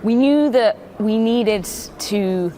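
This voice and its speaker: A woman's voice: fairly high pitch, slow, dark tone, a little hiss or hum. A woman playing a talk-show guest in a comedy sketch, telling her story in a chatty, sheepish way.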